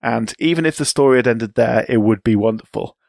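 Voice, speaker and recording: A man co-hosting a podcast, telling sports history in a relaxed, chatty way with asides. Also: mid-range voice, a little fast, gravelly, dry recording, studio quality. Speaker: podcast co-host. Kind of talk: casual chat.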